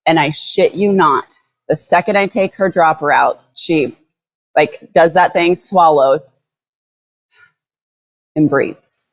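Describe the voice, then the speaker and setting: Animated woman telling a story, low voice. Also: slow pace, long pauses. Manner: animated, blunt storyteller who swears. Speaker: dog rescue founder, guest. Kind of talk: podcast interview storytelling.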